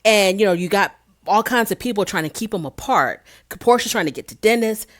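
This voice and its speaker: A woman casually recapping a reality show as host, telling the story in an animated way and acting out what people said. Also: medium pitch, brisk. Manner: animated storytelling, acts out quotes.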